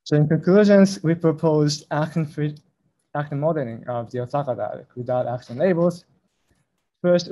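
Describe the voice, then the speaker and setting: A man's voice: on the high side, warm tone, rough recording. A man giving an academic conference talk, speaking carefully and spelling out acronyms letter by letter. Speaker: conference presenter.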